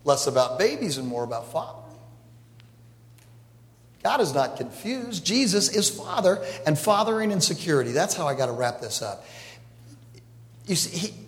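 Joking pastor preaching in an echoey hall. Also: male voice, a little high, big pitch swings, moderate pace, pauses often. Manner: conversational preaching with jokes. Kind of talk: sermon. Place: large church hall. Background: congregation laughing.

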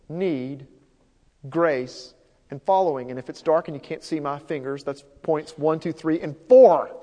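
A man's voice: on the high side, a little mellow. A man preaching a sermon as pastor, earnest and repeating his key points for emphasis. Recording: long hall reverb.

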